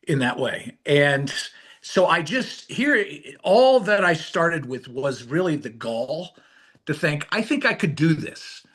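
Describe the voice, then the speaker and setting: A man with a voice on the higher side tells his story as an interview guest. He is animated, dropping low for the quiet parts and rising when he gets excited. He sounds middle-aged and speaks in a relaxed, conversational way. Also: breathy edge. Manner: animated, swings between hushed and excited. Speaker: author and illustrator, guest.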